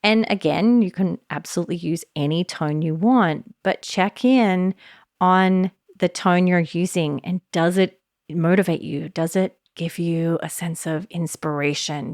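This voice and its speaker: A woman hosting a solo podcast in a casual, animated way, with lots of fillers. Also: on the low side, a little slow, dry recording, studio quality. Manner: casual, warm and animated, many "like" and "you know" fillers. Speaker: podcast host.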